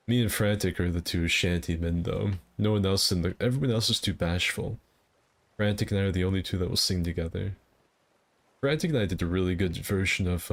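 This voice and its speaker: Casually chatting while streaming a game, a man rambles and makes self-deprecating remarks. His voice is low-pitched and creaky.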